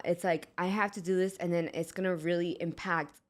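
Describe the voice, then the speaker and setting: A woman's voice: on the low side, level tone, brisk. Woman, 30s, heartfelt and teary interview guest. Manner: heartfelt, emotional, tearful. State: close to tears. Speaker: hairstylist and business owner. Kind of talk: casual podcast interview.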